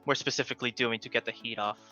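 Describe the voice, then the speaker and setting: A man's voice: medium pitch, steady tone, fast talker, bright, forceful tone, dull audio, faint music behind. A man running a tabletop game on a live stream, laid-back and joking. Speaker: game master.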